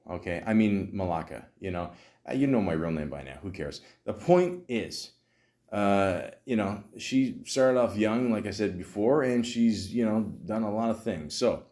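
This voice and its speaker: A man's voice: deep voice, darkish tone. A Canadian man hosting a podcast, rambling casually and self-deprecatingly, with frequent swearing. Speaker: podcast host. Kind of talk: casual solo commentary.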